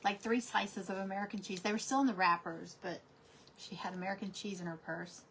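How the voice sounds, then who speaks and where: A middle-aged woman chatting casually while she paints crafts, telling stories and often trailing into soft asides. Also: medium pitch, fairly even intonation, brisk, slight background noise. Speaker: crafting vlogger.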